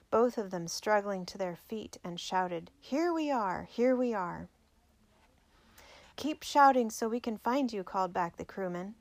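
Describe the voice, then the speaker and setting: A woman narrating a biography aloud in a measured, clear storytelling manner. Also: lowish voice, dry recording.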